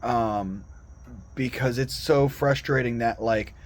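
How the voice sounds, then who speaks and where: Earnest rambling man, mid-pitched. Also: takes it slowly, a little hiss or hum. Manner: earnest, digressive, frequent restarts. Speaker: Christian video commentator. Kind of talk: rambling solo monologue.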